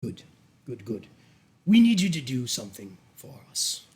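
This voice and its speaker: A man voicing a cruel, sinister old male duke in a tabletop game, speaking in a slow, soft, menacing purr. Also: medium pitch, sing-song, voice pushed down. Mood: coolly menacing.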